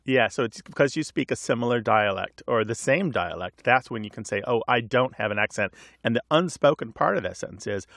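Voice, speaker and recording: Gravelly man explaining on radio. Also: mid-range voice, lively intonation, a little fast, hardly any pauses, a bit bright, no echo, studio quality. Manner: chatty, explains with asides and laughs. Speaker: co-host of a language call-in radio show. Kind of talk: casual radio chat and explanation.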